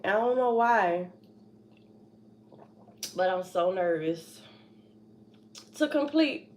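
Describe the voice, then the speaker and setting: A woman's voice: mid-range voice, expressive, drawn-out words, long pauses, a little mellow. Young woman, nervous rambling livestream chat, sighs and jittery laughs, phone mic at home, faint background hiss. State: anxious. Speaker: trucking vlogger.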